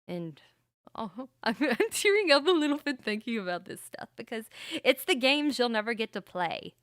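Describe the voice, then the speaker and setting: A woman's voice: on the high side, big pitch swings, moderate pace, a bit bright, no echo. Chatty woman streamer, dry close mic. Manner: rambling, chatty, often laughing. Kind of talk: casual livestream chat.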